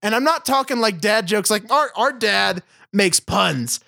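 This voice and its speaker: High, gravelly-voiced man ranting. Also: lively intonation, measured pace, pushed and bright, no room sound, clean studio sound. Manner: ranting, profane, mocking voices. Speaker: podcast co-host. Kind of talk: casual chat. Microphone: video call.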